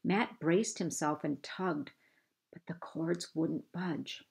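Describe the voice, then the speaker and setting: Slow, low-voiced woman reading a story aloud. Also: vocal fry, darkish tone. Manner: slow, measured storytelling with raised voices for dialogue. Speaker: reader. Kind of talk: reading a children's novel aloud.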